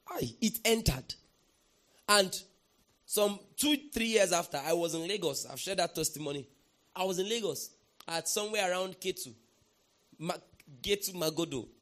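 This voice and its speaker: A man preaching a sermon as pastor, emphatic, often asking the congregation to respond and bursting into shouts. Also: high-pitched.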